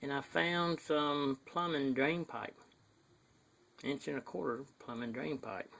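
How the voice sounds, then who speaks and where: A man's voice: a little high, slow, vocal fry, fairly bright tone. A man with a thick Southern US accent chatting casually to a handheld camera outdoors, rambling and apologetic with lots of fillers. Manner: self-deprecating, rambling with many fillers. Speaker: model builder showing his work. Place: outdoors near his garage, in sunlight. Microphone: handheld camera, shaky.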